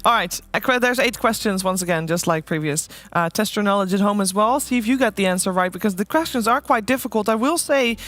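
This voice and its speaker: A woman's voice: mid-range voice, quick pace, few pauses, a bit bright. Upbeat woman hosting an esports panel. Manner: upbeat, laughs often. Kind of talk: hosting a quiz on a live esports broadcast.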